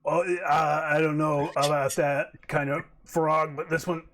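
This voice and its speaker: A man's voice: fairly high pitch, level tone, a bit bright. Male game master, hesitant, filler-heavy delivery. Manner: halting, with many fillers. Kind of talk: running a tabletop game, voicing a werewolf.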